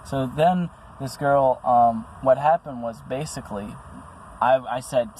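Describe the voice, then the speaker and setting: A man's voice: medium pitch, slow, a little mellow, slight background noise, poor audio. A man speaking about his own experiences in an earnest, rambling monologue, full of restarts and fillers. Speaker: vlogger. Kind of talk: personal monologue to camera.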